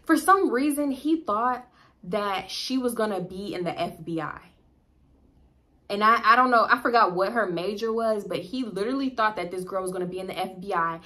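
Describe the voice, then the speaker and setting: A young woman vlogger tells a personal story in a casual, profane, animated manner, laughing often and shifting between loud and quiet. Her voice is mid-range and her pace moderate.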